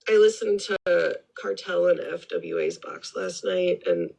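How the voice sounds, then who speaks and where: Gravelly husky woman ranting her opinions. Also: fairly low pitch, big pitch swings, unhurried, darkish tone, low-quality recording. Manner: rambling, blunt, swears freely, repeats herself. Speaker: live stream commentator. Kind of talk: casual opinionated commentary.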